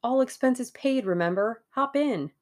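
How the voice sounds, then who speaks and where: A woman reading a brisk young man. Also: high voice, expressive, voice pushed up. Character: cheerful, steady young man.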